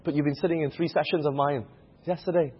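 A man's voice: a little high, fairly even intonation, fast, slight background noise. A man preaching a sermon who keeps putting questions to the congregation. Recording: muffled lo-fi recording.

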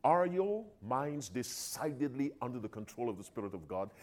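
Lively, emphatic male preacher. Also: mid-range voice, normal speed. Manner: emphatic call-and-response preaching, sudden loud and soft swings. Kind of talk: sermon.

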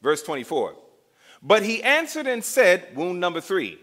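Animated high-voiced preacher. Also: male voice, moderate pace. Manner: dramatic, asks the congregation questions, acts out scenes. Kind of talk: sermon.

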